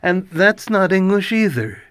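A man's voice: high voice, very animated, fairly bright tone, clear, resonant tone, no room sound. A man hosting a literary radio interview show from a studio, speaking in a thoughtful, musing way. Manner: slow, thoughtful, musing delivery. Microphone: studio microphone.

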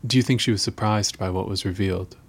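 A man's voice: lowish voice, steady tone, fast talker, gravelly, slightly rough. A man interviewing, asking thoughtful questions and restarting as he frames them.

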